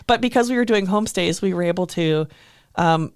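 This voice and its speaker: A woman's voice: lowish voice, a little fast, clean tone, no echo, studio quality. Chatty young woman co-host. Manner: chatty, laughs often. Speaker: podcast co-host. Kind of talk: casual chat.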